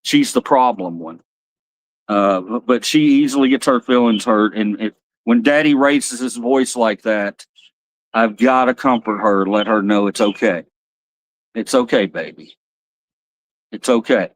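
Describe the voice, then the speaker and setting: Male streamer, rambling and frank, mid-pitched voice, dry recording. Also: measured pace, dry recording. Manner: rambling, blunt, swears freely. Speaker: livestream host. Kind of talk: casual livestream chat.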